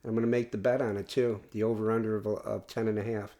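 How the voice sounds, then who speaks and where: A man's voice: on the low side, level tone, fast, dark tone. A man hosting a casual solo podcast, talking in an earnest, rambling way and often restarting his sentences. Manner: rambling, earnest fan talk with frequent restarts. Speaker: podcast host.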